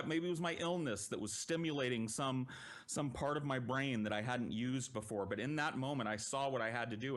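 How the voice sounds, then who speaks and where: A man telling a long personal story on a podcast in a casual, profane and animated way. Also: mid-range voice.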